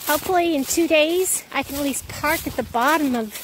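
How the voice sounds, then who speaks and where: A woman's voice: sits high, fairly quick, background noise. A woman talking casually to viewers on an outdoor walk, out of breath and rambling as she goes. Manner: chatty, rambling, self-narrating. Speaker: vlogger. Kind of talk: casual walking vlog. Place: outdoors on a rural hill, then in her car.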